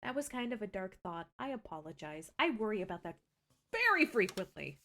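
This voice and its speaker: A woman's voice: mid-range voice, big pitch swings, a little fast, bright, forceful tone. A young woman streamer chatting casually, self-deprecating and swearing freely.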